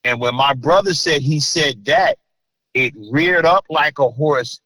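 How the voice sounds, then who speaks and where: A middle-aged man from New Jersey, a guest in an interview, telling a story with animated bursts as he acts out voices. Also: on the high side, unhurried, no room sound, low-quality recording.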